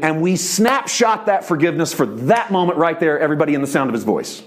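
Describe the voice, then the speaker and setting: Animated preacher man, lively pitch. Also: fast talker. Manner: animated preaching, shifts between soft low tones and raised emphasis; voices quoted speech in a conversational preacher's tone. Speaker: pastor. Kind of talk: sermon.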